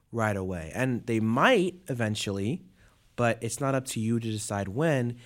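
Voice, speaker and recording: A young man co-hosting a casual podcast, giving his take in a relaxed, rambling way. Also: fairly low pitch. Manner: relaxed, rambling, lots of fillers. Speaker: podcast co-host. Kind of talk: casual chat.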